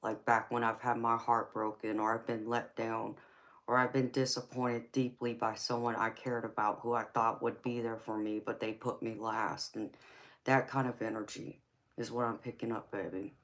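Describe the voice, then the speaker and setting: A woman's voice: very deep voice, little pitch movement, moderate pace. A woman giving a live tarot reading, speaking in an emotional, intimate way and calling the client "baby". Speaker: tarot reader.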